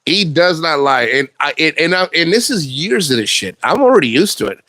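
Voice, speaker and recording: A man's voice: a little high, very animated, brisk, bright, forceful tone, no room sound. A man talking casually to camera in a blunt, profane, rambling way, restarting his sentences often. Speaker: vlogger.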